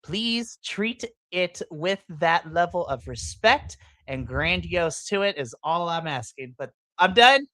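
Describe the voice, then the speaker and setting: A woman's voice: lowish voice, lively intonation, takes it slowly, few pauses, a bit bright, no echo. A woman hosting a live podcast in a casual chat. She rants with passion, breaking into playful, exaggerated asides. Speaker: podcast host. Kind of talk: casual livestream reaction chat.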